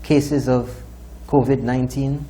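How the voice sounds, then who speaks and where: A man's voice: mid-range voice, little pitch movement, a little slow, warm tone. A man with a Saint Lucian accent, hosting a talk show and delivering indignant opinion commentary. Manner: indignant, scolding.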